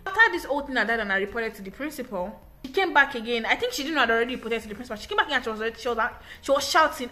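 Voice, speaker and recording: A young woman, an English teacher, telling a personal story in a casual, animated, emphatic way with frequent restarts. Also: fairly high pitch, rapid-fire, few pauses.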